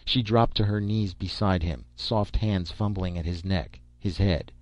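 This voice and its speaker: A man reading a short story aloud as narrator, steady and even. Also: deep voice, a little slow, dry recording. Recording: dull lo-fi recording.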